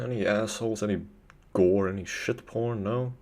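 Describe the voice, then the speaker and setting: A man live-streaming, chatting casually with his viewers, excitable and constantly swearing. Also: lowish voice, moderate pace.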